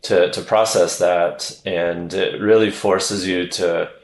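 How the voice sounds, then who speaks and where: A middle-aged man, a neuroscientist from the American South, speaking in a measured, reflective way as a podcast guest. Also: deep voice, steady tone, reverberant, low-quality recording. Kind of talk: podcast interview.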